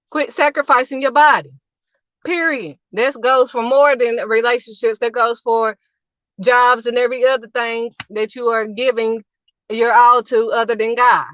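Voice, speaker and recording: A woman's voice: a little high, a bit bright, no room sound, muffled recording. A woman preaching casually to camera as a channel host, emphatic and repetitive, driving each point home in short punchy phrases.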